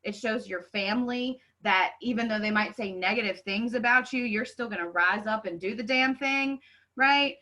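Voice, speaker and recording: A woman delivers a fervent motivational podcast monologue. Her voice sits a bit high and rings bright and sharp. She preaches with conviction and keeps calling out to her listeners. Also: normal speed, rough recording. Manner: fervent, preachy, says "y'all" often. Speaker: podcast host and life coach.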